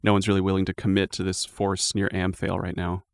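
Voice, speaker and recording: A man narrating a tabletop game as game master, relaxed and loose, with plenty of fillers along the way. His voice sits low with a gravelly fry, and the recording is dry and close. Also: fast talker, no echo.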